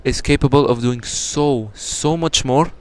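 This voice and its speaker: A man's voice: medium pitch, measured pace, a little hiss or hum. A young man answering as a podcast guest in casual talk, explaining earnestly and building emphasis.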